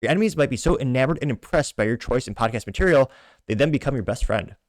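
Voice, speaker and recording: A man's voice: medium pitch, lively intonation, fast talker, dry recording, clean studio sound. A man hosting a podcast, casually reading social media comments aloud in a stumbling, self-deprecating way with frequent restarts. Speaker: podcast host.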